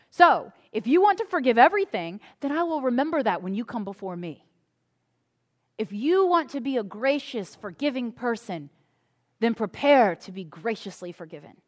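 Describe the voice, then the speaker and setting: A woman's voice: sits high, expressive, normal speed. A woman pastor preaching a conversational sermon to a congregation, acting out little prayers as she goes. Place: church before a congregation.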